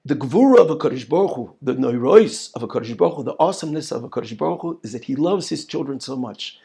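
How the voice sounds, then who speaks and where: A man's voice: mid-range voice, animated, quick pace, creaky, few pauses, dark tone, husky. A male rabbi giving an emphatic lesson on prayer, repeating words and asking rhetorical questions. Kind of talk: Torah lesson.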